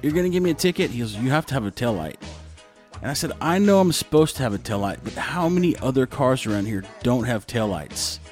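Man from Texas, casual storytelling vlog, lively, voices the other people in his stories, soft music underneath. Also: medium pitch, brisk. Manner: animated, acts out both sides of dialogue. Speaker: vlogger telling stories.

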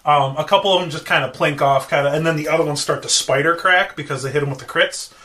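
A man playing in a tabletop game, excitable and quick to laugh, swearing freely as he talks. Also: on the high side. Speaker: player. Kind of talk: casual game chat.

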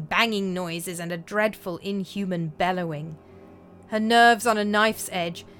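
A woman narrating a folk tale in a measured, expressive way. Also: mid-range voice. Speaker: storyteller. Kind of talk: storytelling narration.

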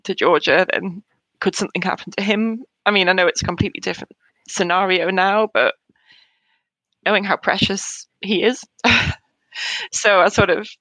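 In an emotional personal interview, a bereaved mother in her thirties speaks hesitantly and haltingly, laughing softly between thoughts. Her voice is fairly low-pitched, and the recording is rough with no room sound.

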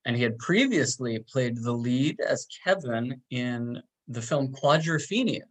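Male podcast co-host from Long Island, unhurried, chatty recapper who acts out the characters' lines. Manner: laid-back, chatty, acts out characters' lines with big jumps in pitch. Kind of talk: casual chat.

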